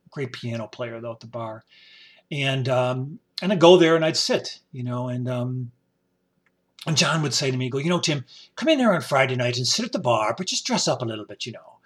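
A man from upstate New York telling rambling stories from his past in a casual spoken-memoir style, full of "you know" fillers. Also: medium pitch. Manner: rambling, warm storytelling with many "you know" fillers and quoted voices. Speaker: storyteller.

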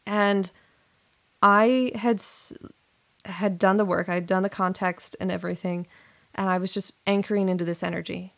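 A woman's voice: on the low side, gravelly. Earnest rambling woman podcaster. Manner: earnest, rambling, self-correcting storytelling. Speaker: podcast host and coach. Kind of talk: casual solo podcast monologue.

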